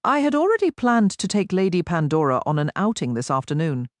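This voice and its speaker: A woman's voice: lowish voice, very animated, a little fast, no room sound. A woman voicing a charming young nobleman who speaks in a teasing, mischievous way, recorded dry and close for an audiobook.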